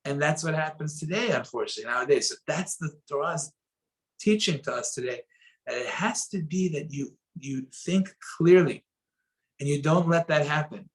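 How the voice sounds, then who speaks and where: A man giving a spoken Torah lesson, telling stories and acting out the quoted voices with sudden swings between loud and soft. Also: fairly high pitch, moderate pace, low-quality recording. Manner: animated, acts out quoted voices with sharp rises and drops in loudness. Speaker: rabbi teaching a Torah lesson.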